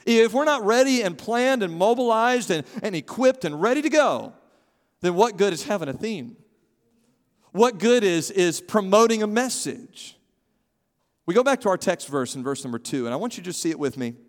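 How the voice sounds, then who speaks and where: A man preaching a sermon as pastor, animated and calling on his congregation to respond. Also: high voice, normal speed. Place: church sanctuary. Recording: long hall reverb.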